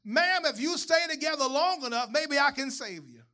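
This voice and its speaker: Man playing an earnest young scout, bright and raised, in a sermon story. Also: very high voice, lively intonation, moderate pace, pitched above the performer's own voice, heavily acted. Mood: exasperated. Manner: earnest, determined. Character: eager, proud little boy scout.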